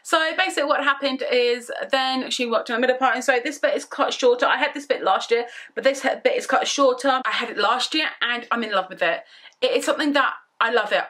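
A young woman vlogging casually from her bedroom, rambling through an excited story. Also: fairly high pitch, brisk. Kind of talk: casual chatty vlog.

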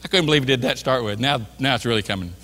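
A man's voice: medium pitch, racing, pushed and bright, faint music behind. A man preaching a sermon as a pastor, telling a story animatedly and acting out both sides of a store exchange. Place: church sanctuary. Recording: church hall reverb.

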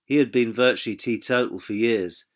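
A man narrating a novel in an audiobook in a measured storytelling manner. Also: medium pitch.

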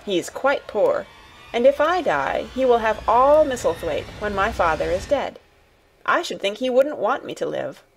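A woman's voice: medium pitch, big pitch swings, measured pace, a little hiss or hum, poor audio. A woman voicing a sickly, spoiled boy who speaks in a cool, indifferent, commanding way, read from a storybook. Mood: flat. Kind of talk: storybook reading.

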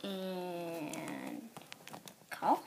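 A woman's voice: on the low side, wildly swooping pitch, drawn-out words, gravelly, a little mellow, slight background noise. A woman voicing all the characters of a homemade doll drama, switching between girlish voices with giggles and whispers. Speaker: doll video voice performer.

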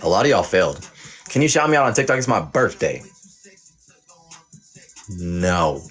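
A young livestreamer plays a teasing teacher, reading chat and passing or failing people with profane jokes. His low-pitched voice is very animated, fairly bright, and slightly rough, delivered at normal speed over soft background music.

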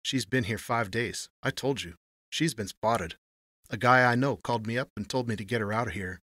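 A man voicing a plump, calm hotel detective in an audiobook, speaking in a quiet, matter-of-fact way. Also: medium pitch, normal speed, no echo, clean studio sound, close to an everyday voice. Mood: firm. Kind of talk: audiobook reading.

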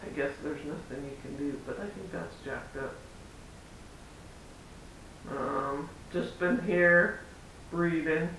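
A man talks to his camera in a loose, rambling vlog style, replaying conversations as he goes. His voice sits high for a man, and he is recorded from a distance in a very echoey room with a faint rumble behind him. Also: takes it slowly, pauses often, fairly bright tone. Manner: chatty, rambling, acts out quoted exchanges. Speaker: parent vlogger. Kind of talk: casual vlog storytelling. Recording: roomy echo, far from mic, faint rumble.

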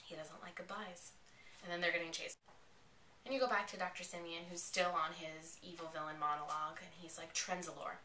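A woman excitedly recapping a TV episode in a casual, rambling way, her voice bright and forceful. She sits back from the mic in a roomy, echoing space with a faint hum behind her. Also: on the low side, fast. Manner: excited, chatty retelling full of "like". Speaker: TV episode reviewer. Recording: echoey, distant from the mic.

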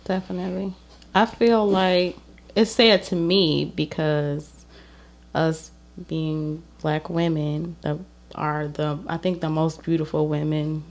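A woman speaking in casual podcast chat, soft-spoken and earnest, a little hesitant. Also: deep voice, flat delivery, takes it slowly.

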